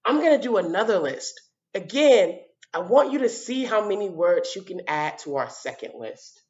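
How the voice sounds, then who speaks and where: Female teacher, lively pitch, sounds out letters for kids, dull lo-fi video audio. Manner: animated, sounds out letters, repeats words slowly for children. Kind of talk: children's lesson on video.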